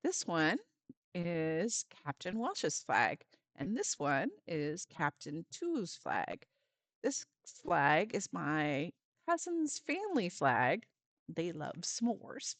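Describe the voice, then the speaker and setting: Woman volunteer walking parents thru a kids craft, lowish voice, dry close sound. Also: huge pitch swings, drawn-out words, no echo. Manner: friendly step-by-step instructions with fillers.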